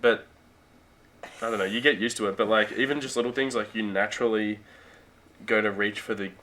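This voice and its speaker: A young man with an Australian accent, chatting casually as an interview guest, relaxed and full of fillers and restarts. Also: lowish voice, brisk. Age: young adult. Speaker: guest, college football player.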